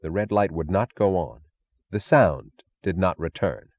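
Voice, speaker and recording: Deep-voiced male audiobook narrator. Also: darkish tone, no room sound, muffled recording. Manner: measured, dramatic reading. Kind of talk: scripted narration.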